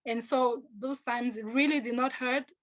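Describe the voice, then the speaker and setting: A young woman from Africa telling personal stories as a panelist, earnest and halting, often restarting her sentences and acting out what others said. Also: fairly high pitch, fairly even intonation, lo-fi sound. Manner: earnest, halting, with restarts, acts out quoted speech.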